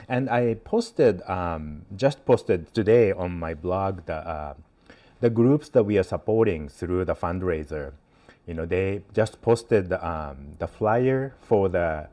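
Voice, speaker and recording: A man giving a casual spiritual teaching talk as host, gentle and hesitant, with many fillers. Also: low-pitched.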